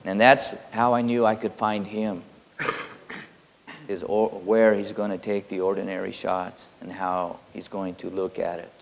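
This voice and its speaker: A man giving a spiritual teaching, halting with many fillers and quietly intense. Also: sits low, level tone, creaky. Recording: long hall reverb.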